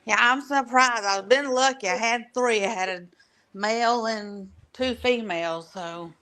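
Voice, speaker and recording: A woman on the line chats casually, shy and giggly, with brief answers. She speaks slowly at a fairly high pitch. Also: pushed and bright. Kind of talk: casual chat.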